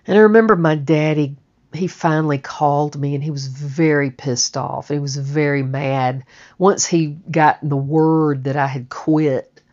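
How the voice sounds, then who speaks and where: A woman's voice: deep voice, fairly even intonation, measured pace, darkish tone. A woman telling a personal story in a candid, conversational way, with casual swearing. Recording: dull lo-fi recording.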